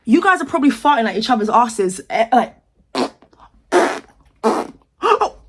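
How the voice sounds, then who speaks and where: A woman's voice: fairly high pitch, sing-song, normal speed, fairly bright tone, breathy edge. A young British woman from the UK giving sassy, outraged celebrity commentary in a casual vlog, with exaggerated reactions. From United Kingdom. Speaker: commentary vlogger.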